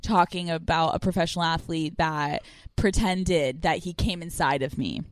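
A woman's voice: sits low, steady tone, moderate pace, no room sound. A young woman co-hosting a casual podcast, telling candid, profane stories and acting out quoted voices. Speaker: podcast co-host. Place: small room, no producer present. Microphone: podcast microphone.

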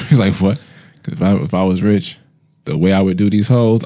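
A man co-hosting a podcast, telling loud, profane comedic stories with put-on voices. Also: deep voice, fairly even intonation, brisk, slight background noise. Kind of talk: casual comedic chat.

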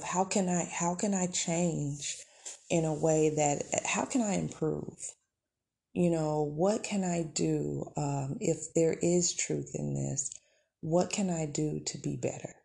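Slow gravelly woman, warm and mellow. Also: lowish voice. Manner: encouraging, conversational, faith-filled. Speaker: podcast host. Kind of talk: motivational casual monologue.

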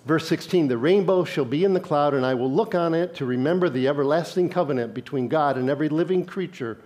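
A man's voice: a little high, fast, a little mellow. A male pastor preaching a sermon in a conversational way, reading scripture and putting questions to his congregation.

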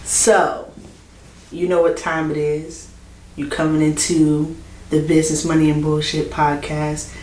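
A woman from the Atlanta area co-hosting a podcast in casual chat, animated and laughing often as she tells stories. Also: low-pitched, a little slow, far from the mic. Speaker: podcast co-host. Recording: roomy echo with faint noise.

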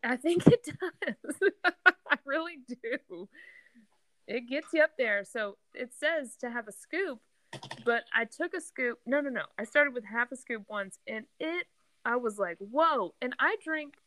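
A woman's voice: a little high, expressive, measured pace, fairly bright tone, no room sound. A woman co-hosting a podcast from her home, chatting enthusiastically and telling a story with plenty of fillers. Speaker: podcast co-host. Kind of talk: casual chat. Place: at home near the kitchen.

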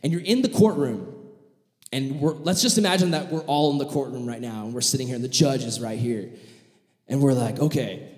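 A man preaching a sermon, telling a vivid story and acting out the voices of its characters in an animated way. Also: mid-range voice, brisk. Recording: echoey hall with long reverb.

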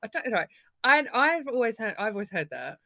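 A woman's voice: fairly high pitch, big pitch swings, a little fast, gravelly, bright, forceful tone, no room sound, clean studio sound. A woman with an Essex accent co-hosting a podcast, blunt and jokey, laughing often. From Essex, England. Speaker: podcast co-host. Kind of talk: casual chat.

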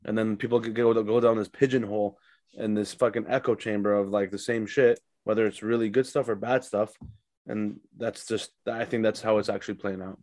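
A man's voice: on the low side, level tone, a little fast, darkish tone, no room sound. A young man, a stand-up comic, chatting casually on a podcast with lots of fillers and swearing. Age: young adult. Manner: loose, profane, rambling with many fillers. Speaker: stand-up comedian, podcast guest.

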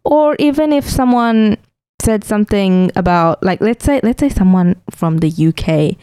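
A woman's voice: moderate pace, clear, resonant tone, no echo. A woman co-hosting a podcast, chatting expressively and laughing. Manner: expressive, laughing, rises high when exasperated. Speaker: podcast co-host. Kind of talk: casual chat.

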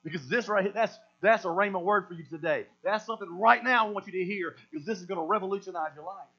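A man's voice: high voice, fast talker, bright, forceful tone, slightly rough. A man preaching a sermon as pastor, emphatic and repetitive, often doubling back on his words. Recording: dull lo-fi sound with mains hum.

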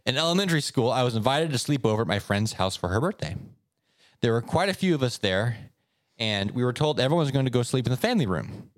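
Animated male podcast storyteller. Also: fast, no room sound, studio quality. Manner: animated storyteller, swoops up in pitch for effect. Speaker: podcast co-host. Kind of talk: casual chat, reading stories aloud.

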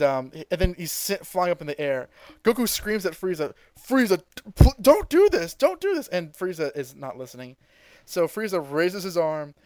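A man hosting a podcast, retelling a cartoon episode in animated, casual storytelling and acting out quotes. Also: on the high side, no echo, poor audio. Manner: animated storytelling, often laughs and acts out quotes. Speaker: podcast host.

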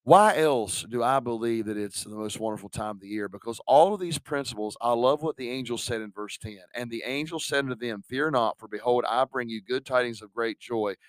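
Pastor preaching conversationally. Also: male voice, mid-range voice, brisk, hardly any pauses, dry recording. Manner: conversational preaching with rhetorical questions. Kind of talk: sermon.

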